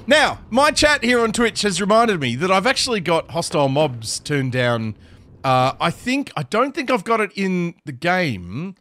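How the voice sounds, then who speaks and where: Excitable man. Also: a little high, normal speed. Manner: excitable, talks to himself, yelps and laughs. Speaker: Minecraft streamer. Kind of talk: live gameplay commentary.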